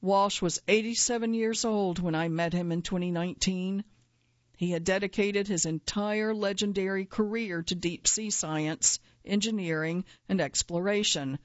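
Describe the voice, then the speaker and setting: A woman reading her own first-person nonfiction essay aloud in a measured, earnest way, at times quietly angry. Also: mid-range voice, dry recording, muffled recording.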